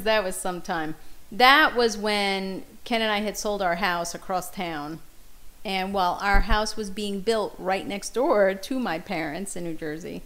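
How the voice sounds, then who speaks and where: A woman's voice: mid-range voice, a bit bright, poor audio. A middle-aged woman co-hosting a podcast, telling family stories in casual chat and laughing often. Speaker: podcast co-host.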